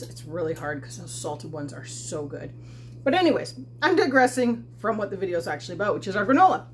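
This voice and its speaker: A woman talks casually while she cooks in her home kitchen, chatty and quick to poke fun at herself. Her pitch sits in the middle, and a faint hum runs under her voice. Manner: chatty and self-deprecating, talking while cooking. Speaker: homesteading channel host. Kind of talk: casual cooking demonstration.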